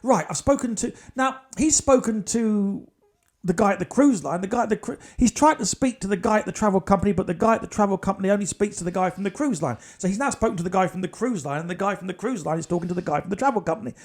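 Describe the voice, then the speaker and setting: High-voiced man telling a comic story. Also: fast talker. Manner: animated, builds tension, speeds up. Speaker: comedian host.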